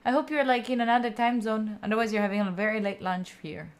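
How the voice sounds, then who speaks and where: A young Italian woman hosts a study livestream, chatting playfully with viewers and reading their comments between work sessions. She's giggly and talks back to her audience in an Italian accent. Her voice runs on the high side and she speaks fast.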